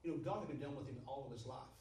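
A man preaching a sermon as storytelling, soft and drawn out, building to shouted repetition. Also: medium pitch, racing, a little hiss or hum. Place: church sanctuary. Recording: echoey hall from far off.

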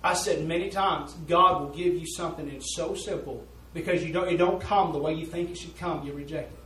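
A man's voice: a little high, fairly even intonation, fairly quick, a bit bright. A man preaching a sermon, telling a story in an earnest, folksy way. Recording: roomy echo, voice from a distance.

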